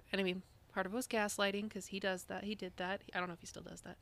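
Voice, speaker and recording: A woman's voice: mid-range voice, little pitch movement, rapid-fire, fairly bright tone. A young woman co-hosting a podcast, chatting casually and rambling with lots of "like"s and restarts. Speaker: podcast co-host. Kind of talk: casual chat.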